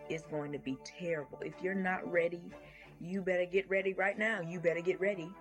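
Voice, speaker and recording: A woman's voice: fairly low pitch, steady tone, a little fast. A woman giving an urgent spoken testimony about a dream, with emphatic repeated warnings. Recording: music playing underneath.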